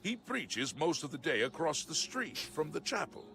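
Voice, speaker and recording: An actor playing a male town guard in a video game, grave and uneasy about an attack on a chapel, with a gravelly voice. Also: a little high, sing-song, normal speed, a bit bright, faint music behind, exaggerated voice.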